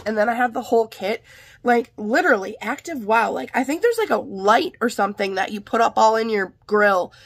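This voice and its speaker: Hoarse, chatty woman vlogger. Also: fairly high pitch, a bit bright, a little hiss or hum. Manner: chatty, rambling. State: hoarse from illness. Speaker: haul vlogger. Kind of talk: casual haul vlog. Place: home art room and office.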